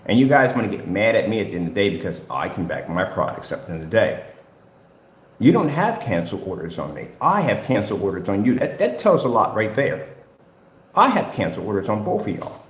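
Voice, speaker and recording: A man in the middle of a heated livestream rant, lecturing and calling people out in a confrontational way and circling back to the same phrases. His voice sits at an ordinary pitch for a man. The room around him rings with noticeable echo. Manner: confrontational, lecturing, repeats "at the end of the day". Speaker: business owner ranting at rivals. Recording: roomy echo.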